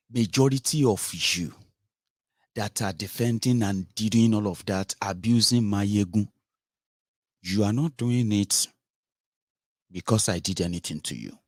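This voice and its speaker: This political commentator, a man with a Nigerian accent and a lowish voice, talks in a lively, informal monologue that drifts into Pidgin and Yoruba expressions. The studio-quality recording is dry.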